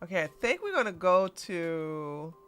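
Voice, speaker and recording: A woman hosting a casual commentary livestream, chatty and animated, laughing as she reacts. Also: lowish voice, a little slow, clear, resonant tone, no room sound, soft background music. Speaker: livestream host.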